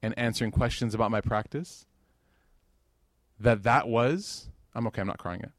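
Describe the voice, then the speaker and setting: A man's voice: fairly low pitch, normal speed, no echo, studio quality. A man giving an informal sermon at a religious gathering, talking conversationally with joking asides and growing emotional over scripture.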